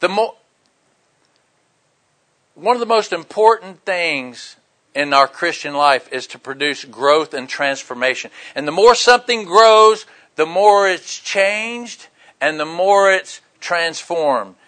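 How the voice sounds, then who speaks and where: An older man, preaching a sermon in a folksy, joking way, with loud bursts and quiet asides. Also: high-pitched, expressive, slow pace. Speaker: pastor.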